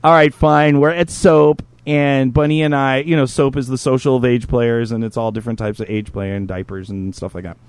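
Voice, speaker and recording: A man's voice: medium pitch, fairly quick, few pauses, smooth, no room sound. A man co-hosting a podcast, telling a casual story with plenty of swearing. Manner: profane, animated anecdote teller. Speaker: co-host.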